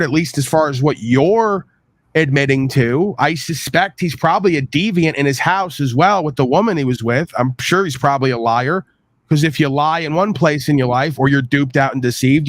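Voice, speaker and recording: A man on a livestream lectures with scorn, his fairly high voice stacking insult after insult. The sound is dry and close to the mic, with no room around it. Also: a bit bright, no echo. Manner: lecturing, scornful, piles up long lists of insults; mocking quoted voices in a high sing-song. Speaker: streamer host. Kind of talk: heated argument on a livestream.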